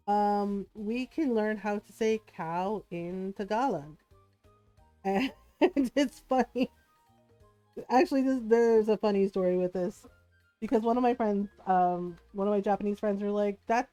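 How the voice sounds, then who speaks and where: A woman's voice: medium pitch, warm tone, no room sound. A woman game streamer chatting casually, telling a story with frequent giggles. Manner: giggly storytelling, laughs often. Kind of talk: casual chat while streaming.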